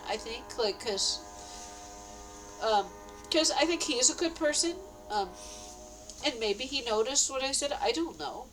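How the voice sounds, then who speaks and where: Woman rambling thru a story, lots of restarts, kinda high voice, quotes herself going oh my gosh. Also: fairly bright tone, rough recording. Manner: rambling, many restarts, breathless retelling with quoted exclamations. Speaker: vlogger. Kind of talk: casual storytelling monologue.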